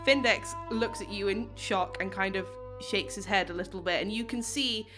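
A woman's voice: mid-range voice, music in the background. Woman game master describing a scene. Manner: slow, vivid scene description. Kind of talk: narrating a tabletop game.

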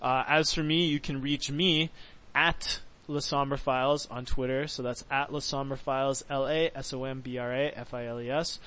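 A man's voice: mid-range voice, steady tone, pushed and bright, poor audio. A man hosting a podcast, chatting casually and joking, then signing off with contact details. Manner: upbeat, joking, drawn-out sign-off. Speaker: podcast host.

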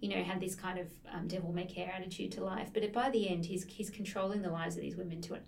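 A woman's voice: fairly low pitch, fairly even intonation, fast talker, gravelly, a little mellow, far from the mic. A woman co-hosting a casual chat about books, telling stories enthusiastically and laughing often. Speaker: podcast co-host discussing books.

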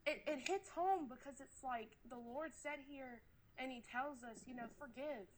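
A woman's voice: high-pitched, normal speed, slight background noise. A woman, sick and out of breath, talking earnestly about faith as a podcast co-host, rambling with many fillers. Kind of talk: casual faith talk.

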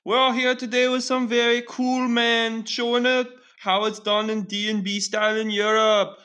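A man's voice: high voice, steady tone, voice pushed up. A man putting on a goofy, over-hyped podcast host voice in a mock foreign accent for a comedic intro. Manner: exaggerated, loud, drawn-out hype.

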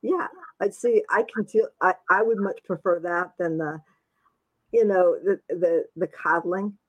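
A woman's voice: fairly low pitch, fairly even intonation, a little slow, highs cut off. A woman author chatting casually, talkative and self-deprecating, laughing often. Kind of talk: casual chat.

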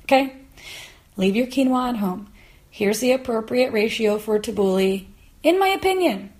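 Brief: woman podcast host, higher voice, sarcastic comic ranter. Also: animated, moderate pace, a little mellow. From United States. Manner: ranting, sarcastic, exasperated. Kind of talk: comedic podcast monologue. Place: Los Angeles.

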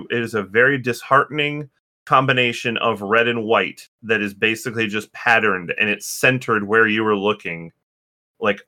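Low, bright-voiced game master, halting. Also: male voice. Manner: hesitant, many fillers and restarts. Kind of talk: narrating a tabletop game.

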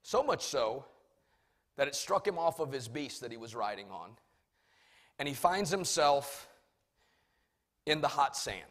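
A man preaching a sermon, swinging from loud shouts to soft asides. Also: mid-range voice, big pitch swings, a little slow, long pauses.

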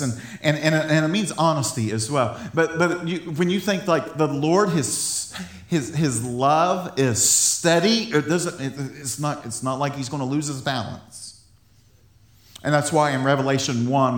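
A man's voice: mid-range voice, roomy sound. A man giving an informal Bible teaching, enthusiastic and laughing often, stumbling over repeated words as he talks.

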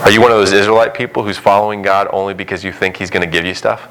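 A man with a low voice preaches to his church, reading scripture and acting out its voices with dramatic rises. Faint room ambience sits behind him. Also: steady tone, racing, hardly any pauses, a bit bright, slight background noise, low-quality recording. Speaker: pastor. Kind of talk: sermon.

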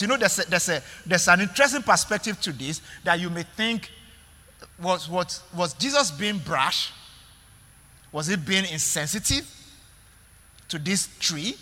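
A man's voice: sits high, very animated, a little slow, sharp tone, big-room sound. A male pastor preaching a sermon in an emphatic way, repeating words and calling out to the congregation.

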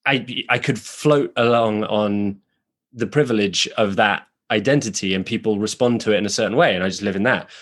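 A British man, an actor, talking through ideas in a relaxed podcast chat, thoughtful and frank, circling back on himself as he goes. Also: fairly low pitch, moderate pace. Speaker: actor, guest. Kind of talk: casual podcast conversation. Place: New York.

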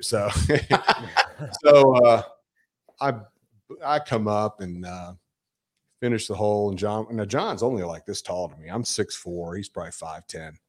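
A man telling a story in casual chat, animated, swearing and acting out quotes. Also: fairly low pitch, unhurried. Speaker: guest storyteller.

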